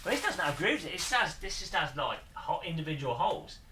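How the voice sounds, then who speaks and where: A man's voice: a little high, big pitch swings, fairly quick, sharp tone, reverberant, slight background noise. A man streaming live, chatting casually in a bemused, rambling way and laughing often.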